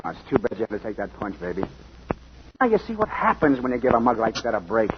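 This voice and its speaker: A man's voice: lowish voice, huge pitch swings, quick pace. An actor playing a jealous, bullying male dance partner who sneers in slangy tough talk, in 1940s radio acting. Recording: dull lo-fi 1940s radio recording with hiss.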